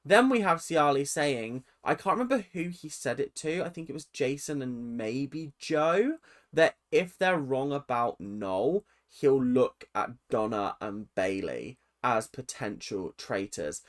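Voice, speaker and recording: Brief: tired, opinionated young male vlogger, rambling recap, lively pitch. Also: measured pace. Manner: opinionated, rambling, goes off on tangents. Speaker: reaction vlogger. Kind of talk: casual episode recap.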